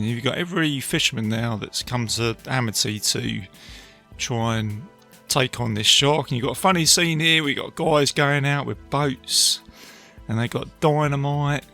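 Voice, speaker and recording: A man hosting a podcast, casually retelling a film with animated asides to his listeners. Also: medium pitch, vocal fry. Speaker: podcast host reviewing a film. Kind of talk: casual film review talk.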